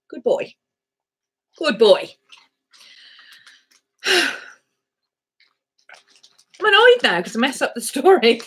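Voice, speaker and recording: A woman's voice: high voice, very animated, slow, pauses often, pushed and bright, husky. A woman vlogger chatting casually to camera, rambling through a story and cooing baby talk at her dogs.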